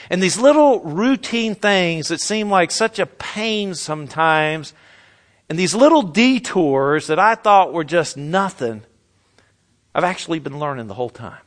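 A pastor preaching a lively sermon, asking the congregation questions and acting out quotes. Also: male voice, fairly high pitch, a little slow.

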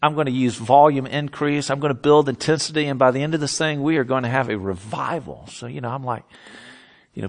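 Earnest preacher man, slightly high voice. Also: brisk. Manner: earnest with self-mocking humorous asides. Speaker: pastor. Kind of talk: sermon.

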